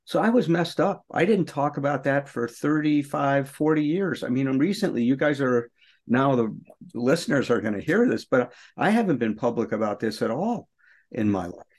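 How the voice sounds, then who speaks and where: A man's voice: medium pitch, animated, normal speed. A middle-aged man co-hosting a recovery podcast, telling a painful personal story in an earnest, emotional way.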